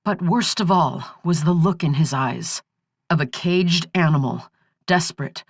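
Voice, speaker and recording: A woman reading a thriller audiobook aloud in a steady, even storytelling manner. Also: deep voice, a little slow, no echo, studio quality. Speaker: audiobook narrator. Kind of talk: scripted narration.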